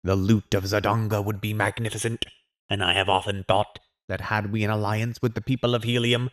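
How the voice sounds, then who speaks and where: A man voicing a huge, proud male green Martian warrior chief addressing a council in a measured, commanding way. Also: lowish voice, fairly bright tone, close to an everyday voice.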